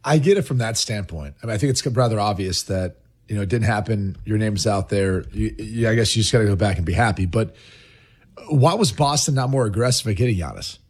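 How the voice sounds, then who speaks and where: A man's voice: lowish voice, fairly quick, slightly rough. A man in casual sports debate, pushing back with pointed questions.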